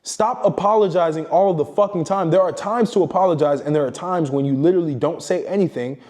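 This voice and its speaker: A man's voice: fairly high pitch, a little fast, a little mellow. A man giving a blunt, profane motivational monologue as a self-improvement coach, lecturing emphatically.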